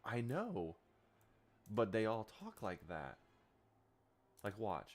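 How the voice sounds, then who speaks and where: A man's voice: on the low side, wildly swooping pitch, slow pace, long pauses, a little mellow, slight background noise. A young man chatting casually while he plays a game, rambling and amused, often restarting his sentences. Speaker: gaming streamer. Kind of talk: casual chat while gaming.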